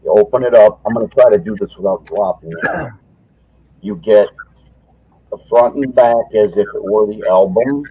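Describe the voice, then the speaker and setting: Husky-voiced man showing off a collection. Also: fairly low pitch, normal speed, no echo, phone-quality sound. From Michigan, United States. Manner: enthusiastic, rambling show-and-tell. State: short of breath when talking long. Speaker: collector sharing items. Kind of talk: casual video chat. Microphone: video call.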